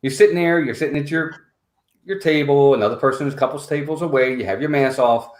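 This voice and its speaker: A man's voice: on the high side, quick pace. A man guesting on a casual live chat, making his points emphatically and repeating himself as he talks, heard over a video call. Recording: roomy echo.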